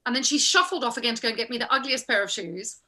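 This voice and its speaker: A woman actress telling an anecdote in an interview, animated and acting out the people she quotes. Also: a little high, quick pace.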